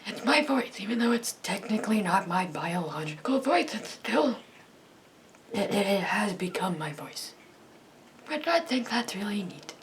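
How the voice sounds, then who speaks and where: A young woman with a raspy, breathy voice chatting casually in a vlog, rambling and cutting herself off with frequent laughs. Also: mid-range voice, very animated, moderate pace, slight background noise. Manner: rambling, self-interrupting, laughs often. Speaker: YouTuber.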